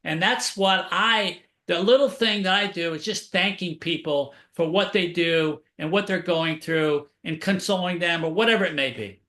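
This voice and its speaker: A man's voice: sits high, moderate pace, hardly any pauses, sharp tone, echoey room. A man, an author and keynote speaker, telling upbeat motivational stories as a radio interview guest.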